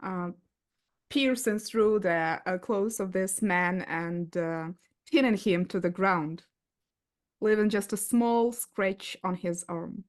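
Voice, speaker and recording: Slow, careful woman player. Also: medium pitch. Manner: careful, halting. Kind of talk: casual tabletop play.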